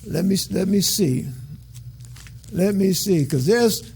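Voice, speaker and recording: A man's voice: high voice, lively intonation, takes it slowly, gravelly, darkish tone, a little hiss or hum. A man teaching from scripture in a sermon, reading aloud and breaking off for casual, colloquial asides and frequent check-ins. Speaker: Bible teacher.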